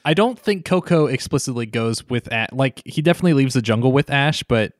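A man's voice: medium pitch, lively intonation, fairly quick, no room sound. Guy retelling a movie scene, mid voice, dry close mic, rambly, full of "like". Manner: rambling, lots of "like", laughs. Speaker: podcast co-host. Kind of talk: casual movie recap chat.

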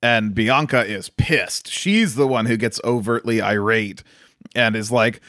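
Low-leaning and fairly bright, his voice comes a little slow in a studio-quality recording without room sound. As a podcast co-host, he rambles through stories in casual chat, laughing frequently.

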